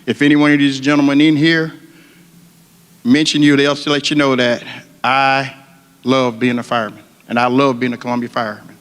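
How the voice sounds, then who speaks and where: A man's voice: medium pitch, level tone, normal speed, a bit bright, clear, resonant tone. A middle-aged man addresses a ceremony, then slips into a heartfelt prayer. His delivery is earnest and repetitive, with a preacher's cadence. The sound rings with the long reverb of a large hall. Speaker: retired firefighter leading prayer. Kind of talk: ceremony speech and spoken prayer.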